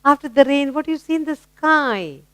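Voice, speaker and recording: A woman's voice: sits high, lively intonation, normal speed, fairly bright tone, no echo. A woman with an Indian English accent teaching young children phonics, coaxing them with questions and praising their answers.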